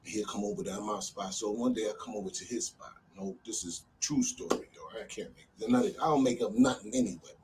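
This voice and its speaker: A man from New Jersey casually telling a street story in a loose, animated way, often filling with "you know what I'm saying.". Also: on the low side, brisk, hardly any pauses, distant mic, slight background noise, poor audio.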